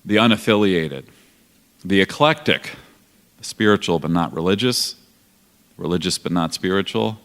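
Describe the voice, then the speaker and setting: A man's voice: low voice, expressive, moderate pace, long pauses, fairly bright tone. A man in his forties speaking on a panel in an earnest, reflective way. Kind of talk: panel talk. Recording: long hall reverb.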